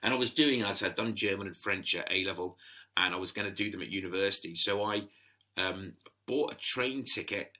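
A man, chatting as an interview guest and telling stories, animated and quick to laugh, often acting out the voices of people he quotes. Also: deep voice. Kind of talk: casual storytelling interview.

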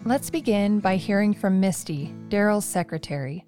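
Woman podcast narrator, calm scripted read, middle pitch, quiet guitar behind. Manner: calm, measured, descriptive.

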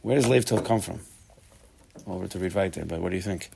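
Gravelly man teaching a Torah class. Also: low voice, fairly quick, slight background noise. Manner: animated, emphatic, many restarts.

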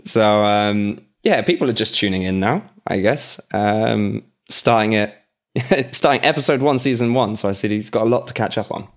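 A man with a London accent, co-hosting a casual podcast, chatting with lots of fillers and frequent laughter. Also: on the low side. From England. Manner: laughs often, halting with fillers. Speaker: podcast co-host. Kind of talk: casual chat. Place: home room.

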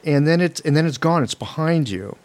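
A man's voice: a little high, animated, fairly quick, a little mellow, dry recording. Reflective male interview host, dry sound. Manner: reflective, asks follow-up questions, thinks aloud with restarts. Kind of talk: conversational interview.

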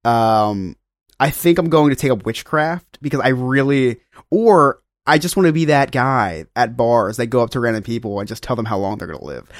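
A man's voice: mid-range voice, animated, moderate pace, no room sound, clean studio sound. A man co-hosting a podcast, telling a long story casually in a rambling, self-mocking way with lots of fillers. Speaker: podcast co-host.

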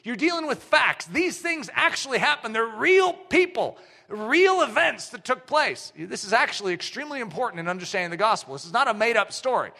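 Bright-voiced preacher in a reverberant hall. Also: male voice, very high voice, very animated, a little fast, gravelly. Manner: emphatic preaching that builds to shouts. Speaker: pastor. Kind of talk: sermon.

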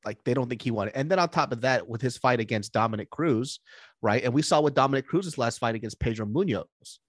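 A man co-hosting a casual podcast, joking and telling stories with animated emphasis. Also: medium pitch, fairly quick, no room sound, studio quality. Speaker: podcast co-host. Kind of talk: casual chat.

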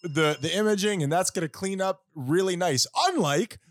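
A man's voice: high voice, moderate pace, slight background noise. A man co-hosting a comedy podcast in a casual chat, joking and teasing his partner. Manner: joking, teasing, keeps saying the other host's name. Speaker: podcast co-host.

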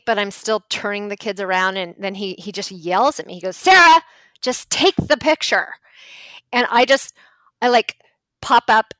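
A middle-aged woman, a photographer and podcast guest, telling stories casually and acting out quotes with big jumps in her voice. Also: no room sound. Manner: animated, acts out quotes with big pitch jumps. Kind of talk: casual storytelling.

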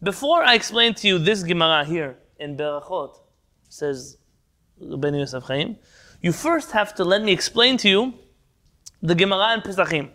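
A man's voice: high-pitched, lively intonation, normal speed, pushed and bright. A man teaching a Talmud class over a video call, translating Hebrew terms, quizzing the class and jumping between points. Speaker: Torah teacher.

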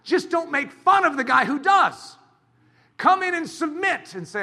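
A man preaching a sermon as a pastor, talking in an animated, dramatic way with bursts of shouting. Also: very high voice, a little slow.

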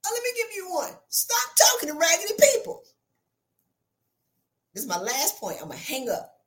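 Animated high-voiced woman preaching self-worth. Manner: passionate, preacherly, exclaiming. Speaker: podcast host. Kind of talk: motivational talk.

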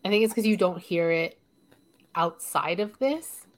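A woman with a light Canadian accent co-hosting a podcast in casual chat, chatty and quick to laugh, often restarting her sentences. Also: fairly low pitch. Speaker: podcast co-host.

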